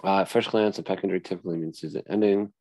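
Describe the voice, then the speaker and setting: A man co-hosting a casual sports podcast, talking in a relaxed way with lots of "like" fillers. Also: deep voice, rapid-fire. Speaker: podcast co-host.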